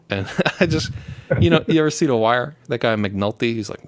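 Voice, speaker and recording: A man's voice: mid-range voice, animated, moderate pace. A young man in casual, profane chat, rambling through stories and laughing as he talks. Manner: rambling, swears constantly, laughs while telling stories. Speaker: show host.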